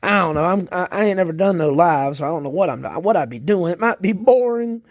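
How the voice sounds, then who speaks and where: A man's voice: high-pitched, lively intonation, fairly quick, no room sound, studio quality. A man with a Southern US accent, a worm farmer chatting casually and rambling as he digs through his worm bins outdoors. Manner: folksy, rambling, talks while digging in worm bins. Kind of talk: casual chat.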